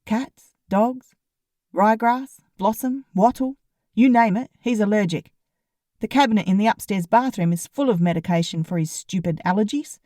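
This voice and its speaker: A woman's voice: mid-range voice, moderate pace, warm tone, dry recording, studio quality. A woman narrating a comic novel in the first person, in a wry, sarcastic way. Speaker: audiobook narrator.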